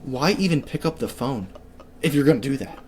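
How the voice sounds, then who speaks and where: A young adult man co-hosting a podcast, telling a story in a lively, ranting way. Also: medium pitch, brisk, noisy background. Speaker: podcast co-host. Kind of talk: casual podcast chat.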